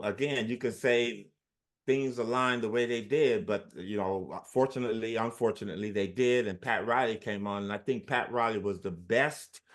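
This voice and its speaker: An older man in his sixties telling stories as an interview guest. He is lively and animated and acts out what others said, often speeding up or slowing down for effect. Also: on the low side. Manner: animated storyteller, acts out quotes. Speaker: former basketball player, guest. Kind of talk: storytelling in an interview.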